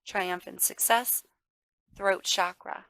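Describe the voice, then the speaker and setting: A woman's voice: mid-range voice, steady tone, takes it slowly, bright, forceful tone, dry recording, poor audio. A woman giving a casual tarot reading to viewers. She talks emphatically, calls the listener darling and baby, swears now and then, and gets worked up. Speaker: tarot reader.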